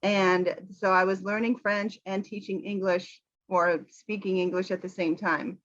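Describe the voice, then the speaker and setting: An American woman, an English teacher, chatting casually about a film with animated quoting. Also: mid-range voice, a little slow, muffled recording. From United States. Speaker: English teacher, channel host.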